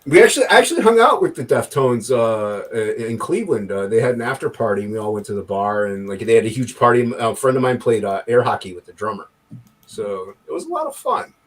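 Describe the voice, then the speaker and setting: A man's voice: medium pitch, big pitch swings, quick pace. A man talking in a casual podcast chat, opinionated and rambling, with many fillers and restarts. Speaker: guest.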